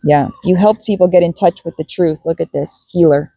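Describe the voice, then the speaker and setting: In this low-quality recording, a tarot and oracle card reader gives a spiritual card reading to her viewers, musing aloud and repeating key words. Her voice is lowish, gravelly and mellow, at a normal speed, with a little hiss or hum in the background.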